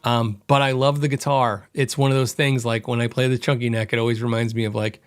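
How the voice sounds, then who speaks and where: A middle-aged man hosting a podcast, telling a story in a chatty, animated way and acting out quoted dialogue. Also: mid-range voice, a little fast, smooth. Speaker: podcast host. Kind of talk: casual storytelling monologue.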